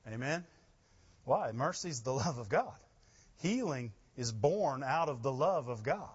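A man preaching a sermon, rising to loud emphasis with laughing asides. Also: mid-range voice, expressive, unhurried, slightly rough, muffled recording. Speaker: pastor.

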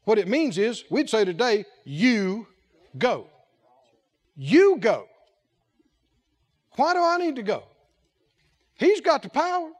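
A man's voice: very high voice, sing-song, unhurried, long pauses. A man preaching a sermon as head of a ministry, emphatic and repetitive, asking the congregation questions and acting out quotes.

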